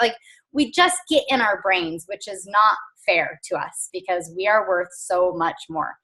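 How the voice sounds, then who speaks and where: A woman with a bright, forward voice, talking to her team in a casual motivational call. She is chatty and earnest, filling pauses with "um" and soft laughs. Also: medium pitch. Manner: chatty and earnest, with frequent fillers and small laughs. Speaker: team coach.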